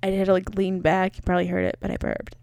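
A woman's voice: fairly low pitch, monotone, fast talker, vocal fry, a little mellow, no echo. A woman hosting a solo podcast, rambling and joking about herself with lots of fillers. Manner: rambling, joking and self-mocking; chatty with many fillers. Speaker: podcast host. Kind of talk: casual solo podcast chat.

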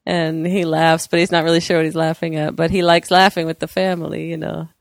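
A woman co-hosting a podcast, telling chatty stories and acting out the quotes, with a creaky voice. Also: sits low, little pitch movement, a little fast, no room sound, clean studio sound. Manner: chatty storyteller, acts out quotes. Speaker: podcast co-host. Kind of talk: casual chat.

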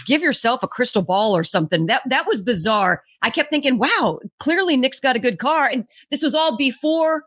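A woman's voice: high-pitched, animated, normal speed, few pauses, a bit bright, no room sound. A woman co-hosting a motorsports radio show, chatting casually and teasing her co-host. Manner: playful, teasing. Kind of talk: casual chat.

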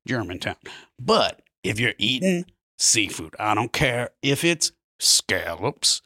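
Bright-voiced man riffing as a guest. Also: lowish voice, no room sound, clean studio sound. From Maryland, USA. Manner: playful, riffing comic rants. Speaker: podcast guest. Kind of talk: casual chat.

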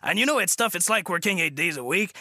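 A formal, flattering older statesman with a thick Quebec French accent, as a man puts him on for a prank call. The voice sits high and bright, and he speaks in a halting, mock-formal way with plenty of filler pauses. The sound is close and dry. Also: no echo, heavily acted. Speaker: prank caller. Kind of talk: prank phone call impression.

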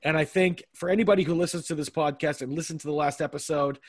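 A man's voice: fairly high pitch, fairly even intonation, quick pace. A man hosting a casual podcast chat, teasing his co-hosts with playful banter. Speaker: podcast host.

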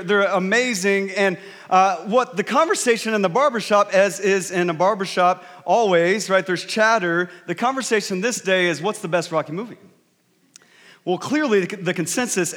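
A man's voice: high voice, fairly bright tone, in a large hall. A male pastor preaching a sermon in a conversational, jokey storytelling way. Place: large church hall.

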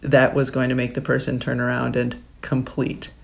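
A woman's voice: rumbling low, completely flat delivery, moderate pace, vocal fry. A woman in her forties, co-hosting a podcast in casual chat, telling rambling stories with many fillers. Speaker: podcast co-host and sports broadcaster.

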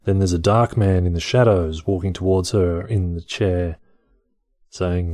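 A man's voice: deep voice, steady tone, unhurried, dark tone, no echo. A man hosting a show where he reads encyclopedia articles aloud, breaking off into dry, wry and mildly profane comedic asides. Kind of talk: casual reading with offhand comedic asides.

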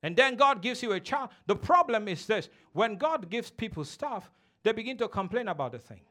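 High, bright-voiced male pastor preaching. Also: sing-song, normal speed. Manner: emphatic call-and-response preaching; teasing, laughs with congregation. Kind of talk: sermon.

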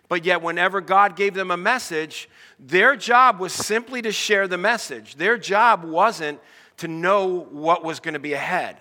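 A man's voice: on the high side, pushed and bright, in a large hall. A middle-aged American man preaching a sermon, in a conversational way and asking his congregation questions. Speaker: pastor.

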